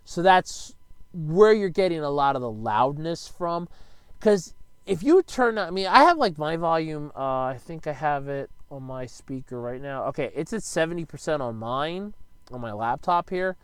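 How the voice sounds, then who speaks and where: A man casually rambling in a home video, swearing freely and now and then bursting out loud, speaking close to a desk microphone in his bedroom. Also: a little high, expressive, normal speed, clear, resonant tone, no echo. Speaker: YouTuber answering viewer questions.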